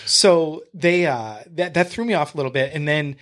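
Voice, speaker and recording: This podcast guest from Michigan has a fairly high-pitched voice and an even, moderate pace. He's an animated storyteller who voices other people's lines and curses without hesitation.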